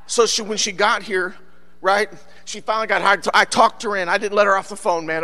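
A pastor preaches with a high, bright, ringing voice. He swings from quiet storytelling to shouted, rising bursts, and pads his phrases with steady "uh" fillers. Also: fairly quick, gravelly. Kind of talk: sermon.

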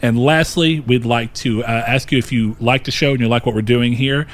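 A man's voice: medium pitch, fairly even intonation, moderate pace. A man hosting a casual podcast, reading housekeeping notes in an upbeat, rambling way with fillers. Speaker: podcast host.

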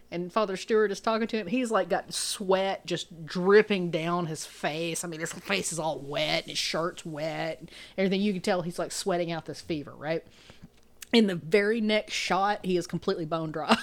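A woman's voice: mid-range voice, fairly bright tone. A woman co-hosting a podcast, casually recapping a movie scene by scene and laughing often. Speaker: podcast co-host.

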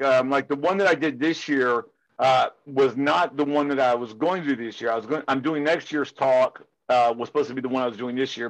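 On a low-quality recording, a mid-range male voice belongs to a security conference speaker chatting casually in an interview. He drifts into passionate, rambling rants, leaning heavily on the filler "it's like."

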